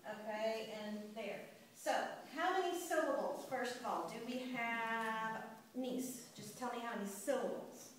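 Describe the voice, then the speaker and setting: A woman teacher giving a classroom lecture, talking slowly and patiently and thinking aloud as she writes on the board. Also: a little high. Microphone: camera far across the room. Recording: distant echoey classroom recording with noise.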